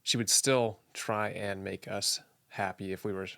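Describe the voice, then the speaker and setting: A man's voice: fairly low pitch, steady tone, a little slow, vocal fry, pushed and bright, no echo, studio quality. A man in his thirties co-hosting a parenting podcast, chatting casually and pushing back with follow-up questions. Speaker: podcast co-host.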